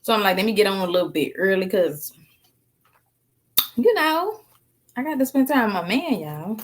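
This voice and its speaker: A woman's voice: mid-range voice, animated, moderate pace, a little hiss or hum. A tired woman chatting casually with viewers on a live stream, eating snacks as she talks and calling them girl and sis. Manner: eating snacks while talking. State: tired after work.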